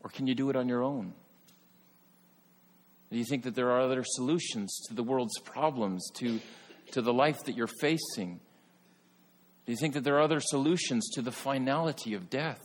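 A man preaching a sermon in an earnest way, rising to emphatic peaks and then dropping soft. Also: mid-range voice, normal speed, pauses often, in a large hall. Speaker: pastor.

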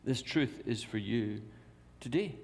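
A man's voice: mid-range voice, slow. A man preaching a sermon in a church, repeating key phrases and asking rhetorical questions. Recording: long reverb of a large hall.

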